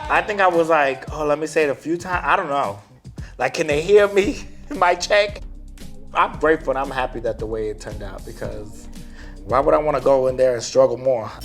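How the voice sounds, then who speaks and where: A man who performs in drag, chatting in a casual interview, sassy and animated, full of slangy asides. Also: fairly high pitch, moderate pace, soft background music.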